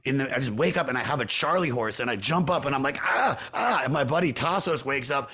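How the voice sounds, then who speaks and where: A middle-aged man from Maryland, hosting a casual podcast chat, excitable and peppering his talk with "dude.". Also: mid-range voice, quick pace, breathy edge. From Montgomery County, Maryland. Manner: excitable, chatty, says dude a lot. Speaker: podcast host.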